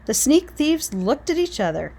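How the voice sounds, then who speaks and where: A woman reading a children's chapter book aloud, expressive and dramatic. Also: sits high, normal speed, vocal fry. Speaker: reader. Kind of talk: storybook read-aloud.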